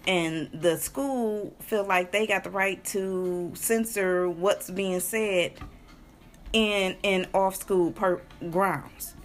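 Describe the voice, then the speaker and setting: A woman co-hosting a podcast, talking in a slangy, animated way and swearing freely. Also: mid-range voice, very slow. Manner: animated, profane, talks in a slangy, chatty way. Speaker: co-host. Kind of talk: casual podcast chat.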